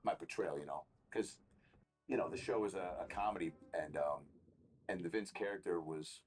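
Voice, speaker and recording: A man's voice: low voice, moderate pace, a little hiss or hum. A man, a comedian and actor, telling rambling, profane stories as an interview guest. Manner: rambling, profane, animated storyteller. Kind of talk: casual interview storytelling.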